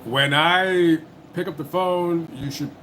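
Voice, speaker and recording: The audio is poor, with a little hiss or hum, as a man speaks slowly in a slightly high, bright, forceful voice. He is a livestream host taking calls in a casual chat, talking bluntly, impatiently, and with a lot of cursing.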